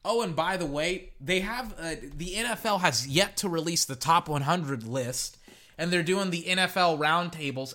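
A young man ranting through his weekend football picks in casual solo commentary, exasperated and jumping up and down in pitch. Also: animated, normal speed, sharp tone. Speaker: sports podcaster giving picks. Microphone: echoey metal can around the mic.

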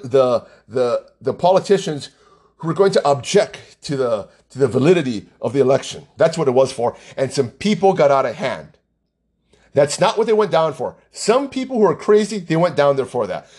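A man's voice: sits high, darkish tone. A man ranting about politics in an agitated, angry way, often repeating himself. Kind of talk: heated political rant.

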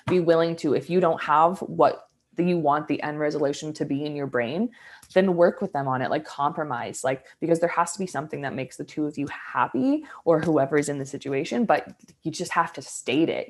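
Low-voiced woman chatting casually. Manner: reflective, many "like" fillers. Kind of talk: casual chat.

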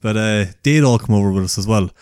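A laid-back man chatting on a podcast in a low voice. His tone is mellow and relaxed, and he swears easily. The recording is dry and close. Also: fast talker, dry recording. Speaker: podcast co-host. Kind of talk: casual chat.

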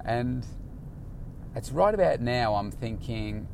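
A man, a personal trainer, telling a casual vlog story and acting out his own excited questions. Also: on the low side, unhurried, noisy background. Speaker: personal trainer, daily vlogger.

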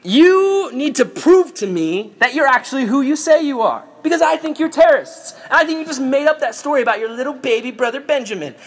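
A man's voice: high-pitched, big pitch swings, moderate pace, a bit bright, breathy edge, heavily acted. A man voicing a stern male governor who grills and accuses strangers harshly, in a theatrical storytelling way. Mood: demanding.

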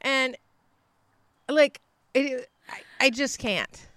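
A woman's voice: high-pitched, extremely slow, clear, resonant tone, no room sound. A woman co-hosting a podcast, telling an exasperated story in a casual chat and acting out the people in it. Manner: animated, exasperated storytelling with acted-out quotes. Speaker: podcast co-host.

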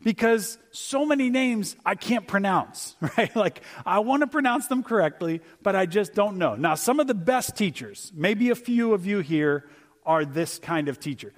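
A man's voice: sits high, animated, normal speed. A middle-aged man giving a conversational sermon as a guest speaker, telling stories and acting out little voices for humor.

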